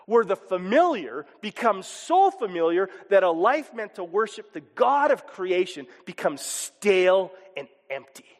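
A man preaching a sermon as pastor, animated and expressive, sometimes chuckling and acting out voices. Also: sits high, measured pace, few pauses, long reverb tail.

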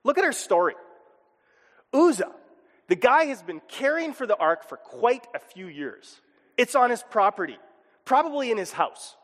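A male pastor preaches with a high, lively voice that rises and dips as he talks. He acts out little voices and chuckles along the way. His words ring with the long reverb of a large auditorium. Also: normal speed, pauses often. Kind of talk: sermon.

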